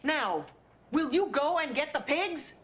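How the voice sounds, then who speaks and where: A woman's voice: sits high, animated, measured pace, fairly bright tone. An actress playing an outspoken, sardonic woman journalist in her forties, speechifying with defiance in a sitcom. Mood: defiant. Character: brash outspoken woman journalist, mid-40s. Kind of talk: sitcom acting. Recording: studio audience laughter, noisy.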